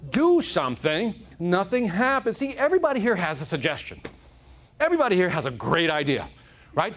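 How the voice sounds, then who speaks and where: An animated male speaker addressing a corporate audience, his voice swooping up and down as he tells stories. He sits a little high for a man and keeps asking the room questions. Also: fast talker. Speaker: motivational speaker. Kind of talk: keynote speech to a live audience. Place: corporate event hall.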